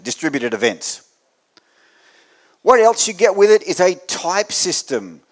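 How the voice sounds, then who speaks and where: A man with an Australian accent giving a technical meetup talk to an audience, with dry joking asides and swings in loudness. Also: fairly high pitch. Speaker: conference speaker. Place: meetup venue before an audience.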